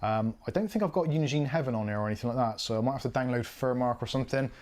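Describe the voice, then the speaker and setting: A man's voice: medium pitch, rapid-fire, a little mellow. A British man from the UK chatting casually and mocking himself while he narrates a live PC build. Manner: chatty, self-mocking, thinking aloud while working. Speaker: PC build streamer.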